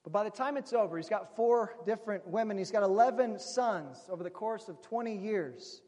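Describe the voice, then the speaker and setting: A man's voice: sits high, lively intonation, normal speed, a little mellow. A man preaching a sermon, retelling a story in a conversational way and calling his listeners friends. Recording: long reverb of a large hall.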